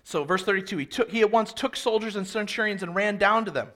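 A man preaching an expository sermon, reading scripture aloud and then explaining it with animated, dramatic emphasis. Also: sits high, fast. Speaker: pastor.

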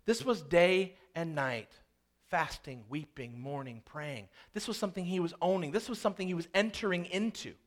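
A male pastor with a notably high voice delivers an earnest sermon. He drops to hushed, slow phrases and then surges louder and faster as he acts out prayers. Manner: earnest preaching with dramatic dynamic swings, quieting low then rising loud.

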